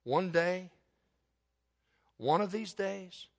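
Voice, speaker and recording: Male pastor, animated sermon delivery, voice sits a bit high. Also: drawn-out words. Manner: animated storytelling with sudden loud high bursts.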